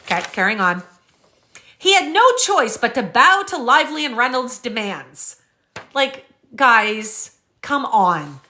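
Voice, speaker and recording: A woman's voice: fairly high pitch, very animated, slow pace, pushed and bright, slight background noise. A woman vlogger reading out legal filings and reacting with indignant, sarcastic commentary. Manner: indignant, fired up, sarcastic asides.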